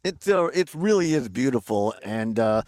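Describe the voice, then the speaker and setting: A man's voice: mid-range voice, very animated, normal speed, darkish tone, no echo. A man hosting a casual radio talk show outdoors by a lake, upbeat and chatty, laughing easily.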